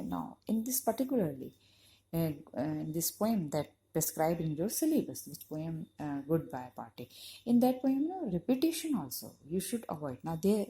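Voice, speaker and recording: A woman's voice: mid-range voice, warm tone, slightly rough. A woman teacher, giving a conversational lecture to university students and leaning on "you know" as she explains. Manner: explanatory, emphatic on key points.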